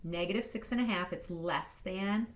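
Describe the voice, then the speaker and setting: A woman math teacher walking through inequality problems in a recorded lesson, upbeat and playful, talking fast. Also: fairly low pitch.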